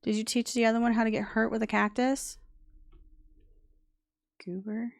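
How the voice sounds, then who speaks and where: A woman's voice: fairly high pitch, flat delivery, moderate pace, creaky, no room sound, clean studio sound. A young adult woman streaming a game, chatting casually, muttering to herself and scolding the game's animals. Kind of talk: casual gameplay chat.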